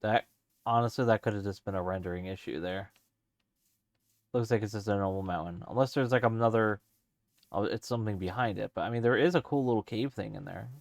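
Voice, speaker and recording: During a let's-play stream, a man with a lowish, fry-edged voice rambles casually and briskly, thinking aloud with plenty of fillers. The recording is dry.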